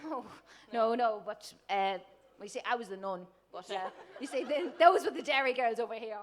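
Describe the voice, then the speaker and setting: A woman's voice: fairly high pitch, moderate pace. A woman stage actor being interviewed at an awards night, hesitant and self-deprecating. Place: event hall on stage.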